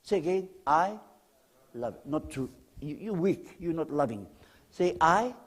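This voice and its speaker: A man preaching in church with a lively, animated voice pitched a little high. He swings from loud emphatic lines down to near-whispers and keeps asking the congregation questions. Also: moderate pace. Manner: speaks directly to the congregation with questions. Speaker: guest pastor. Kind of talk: sermon.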